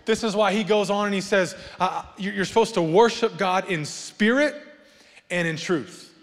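A man preaching a sermon as pastor, swinging from loud, rising appeals to soft, low asides and joking with the congregation. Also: moderate pace. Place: church sanctuary. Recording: long reverb of a church hall.

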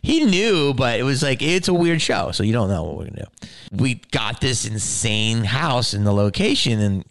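A man hosting a podcast, telling a story in a casual, animated way with lots of swearing and laughing. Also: medium pitch, moderate pace, no room sound, clean studio sound. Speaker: podcast host.

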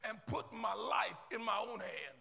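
A male pastor preaches with fiery, rising intensity, his voice set unusually high and heavy with a gravelly fry. His tone is bright and tense. The sermon rings out through a large reverberant church hall, with soft music underneath. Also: animated, a little slow. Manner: impassioned preaching, rising to shouted worship. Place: church sanctuary.

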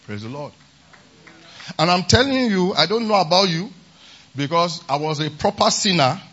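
A man's voice: sits high, very animated, moderate pace, a bit bright, slightly rough, lo-fi sound. A man preaching a sermon at a conference, emphatic and often repeating a refrain of praise. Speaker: pastor. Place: large conference hall.

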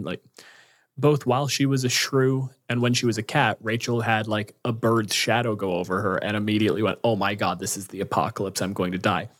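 A man co-hosting a podcast, recapping a book in loose, profane storytelling full of fillers. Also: mid-range voice. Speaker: podcast co-host.

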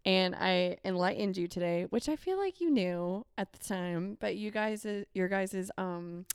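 Woman podcast host, smooth tone, chatty and encouraging. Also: mid-range voice, animated, no echo, studio quality. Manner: encouraging, quick interjections. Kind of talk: casual chat.

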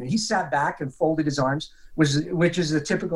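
A man's voice: a little high, moderate pace, hardly any pauses, rough recording. A man retelling a case as a guest, quoting others in vivid detail. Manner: animated retelling, quotes others. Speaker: detective guest. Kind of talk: storytelling in an interview.

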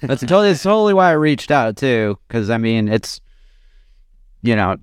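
A man's voice: medium pitch, big pitch swings, normal speed, clean tone, no echo. A man from Massachusetts, a podcast host, talking in a loose rambling way with casual swearing.

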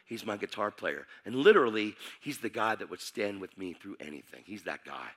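A man preaching a testimony, animated and emphatic, dropping to a hush and then shouting as he acts out the scenes. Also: on the low side, brisk. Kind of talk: sermon testimony storytelling.

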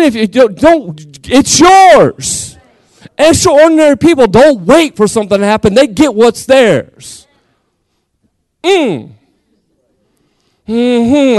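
A middle-aged man with a Southern accent preaches with fire, his voice sitting high for a man. He shouts some lines and stretches others out slowly for the congregation. The sound is dry and close. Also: dry recording. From Texas. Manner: lively, shouts and drawls phrases to the congregation. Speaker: guest pastor. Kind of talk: Pentecostal sermon. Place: church.

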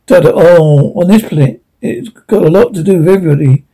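A man's voice: sits high, brisk, mellow, breathy edge. A man voicing an eccentric, inquisitive male time-traveller in a read-aloud script.

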